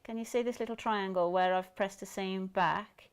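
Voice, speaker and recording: A woman's voice: mid-range voice, fairly even intonation, normal speed, clean tone. Middle-aged woman, Black Country accent, casual guest demonstrating sewing, chatty and rambling. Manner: chatty, rambling with many fillers and restarts.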